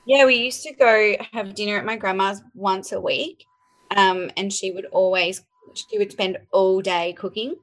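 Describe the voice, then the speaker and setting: A woman, a podcast guest, telling family stories in a relaxed chatty way with many fillers. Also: mid-range voice, a little slow. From Australia. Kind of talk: casual chat.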